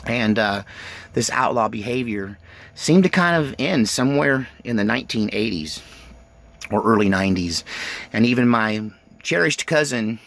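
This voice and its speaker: A man in his forties telling his life story in an animated, rambling way. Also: mid-range voice, normal speed, vocal fry, no echo.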